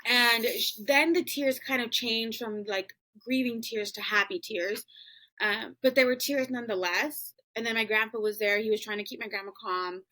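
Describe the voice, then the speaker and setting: A woman's voice: a little high, moderate pace, bright, forceful tone, poor audio. A woman hosting a podcast, telling a personal family story in a casual, chatty way full of "um" and "like". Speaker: podcast host.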